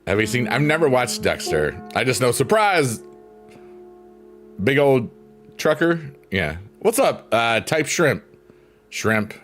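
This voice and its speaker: A man's voice: medium pitch, sing-song, slow pace, long pauses. A middle-aged man hosting a livestream, chatting casually and reading comments aloud in a goofy, joking way. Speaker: livestream host. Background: soft piano music.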